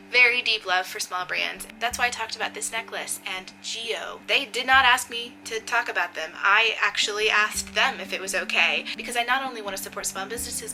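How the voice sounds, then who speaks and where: A woman's voice: medium pitch, bright, forceful tone, low-quality recording. A young woman vlogging in a casual chat to camera, talking chattily and laughing often.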